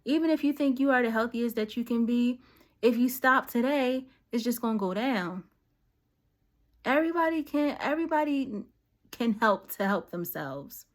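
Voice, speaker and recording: A woman's voice: a little high, lively intonation, normal speed. A woman giving casual, slangy encouragement straight to her viewers, talking directly like a friend with a message. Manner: conversational, slangy, direct and preachy. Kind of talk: casual motivational talk to camera.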